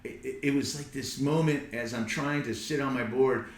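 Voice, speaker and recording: A man, a podcast guest, telling a personal story in a casual, animated way and often repeating words as he goes. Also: medium pitch, normal speed. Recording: roomy echo.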